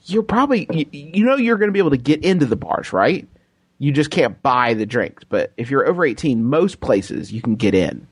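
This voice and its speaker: A man's voice: mid-range voice, very animated, fairly quick, husky, dry recording, studio quality. A man co-hosting a comedy podcast, giving joking advice in casual chat and laughing often. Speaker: podcast co-host.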